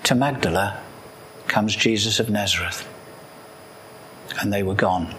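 A man preaching a sermon, animated and throwing rhetorical questions at his listeners. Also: on the low side, a little slow, slight background noise, poor audio.

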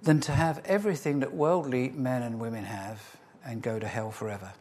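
A man preaching a sermon as pastor, emphatic, repeating key phrases and slowing for stress, then leading a prayer. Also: medium pitch, steady tone, a little mellow.

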